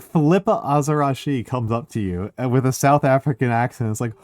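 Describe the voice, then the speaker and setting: A man chatting casually on a stream, excitable and swearing, full of filler words. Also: medium pitch, fairly quick, hardly any pauses, dry recording, soft background music. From United States. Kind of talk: casual chat.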